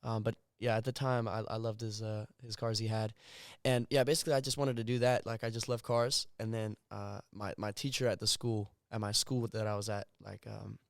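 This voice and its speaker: A man's voice: on the low side, level tone, fairly quick, vocal fry, few pauses, no echo, clean studio sound. A teenage boy from South Africa, with Afrikaans as his first language, who speaks English with an American accent and chats casually as a guest, laughing often and using many fillers. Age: teens. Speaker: guest singer. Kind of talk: casual chat.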